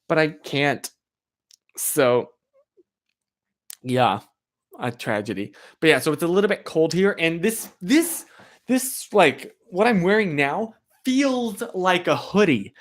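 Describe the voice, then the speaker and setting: A man live-streaming from a chilly room, chatting casually and rambling with plenty of "like" fillers while answering his viewers. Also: sits high. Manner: answers viewer chat directly. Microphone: streaming microphone.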